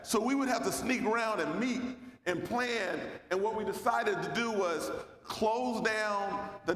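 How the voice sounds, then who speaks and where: High-voiced man, folksy, in an echoey hall. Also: a bit bright. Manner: loose, folksy, calls out to the crowd. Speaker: founding mayor and speaker. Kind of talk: lively speech at a luncheon. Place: large banquet hall. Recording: echoey hall with long reverb.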